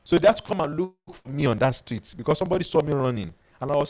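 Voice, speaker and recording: A man, a life coach teaching a webinar and telling personal stories in an animated way. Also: on the high side, fast, few pauses, low-quality recording. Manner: animated storyteller who reads out viewer comments.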